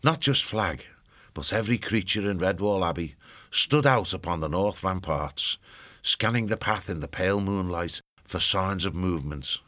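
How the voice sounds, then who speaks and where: A man narrating an audiobook in a steady storytelling manner. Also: low-pitched, normal speed.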